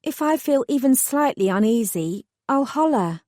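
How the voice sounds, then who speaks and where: A woman's voice: sits high, expressive, normal speed, mellow, no echo, clean studio sound, pitched above the performer's own voice. A woman voicing a determined young fairy godmother, lifting her voice a little for the heroine's lines in an audiobook. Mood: reassuring.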